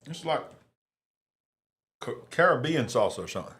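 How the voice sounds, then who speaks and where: A man's voice: medium pitch, expressive, moderate pace, a bit bright, breathy edge. A man hosting a casual live election-night stream, chatting and eating while he reads viewer comments. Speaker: livestream host.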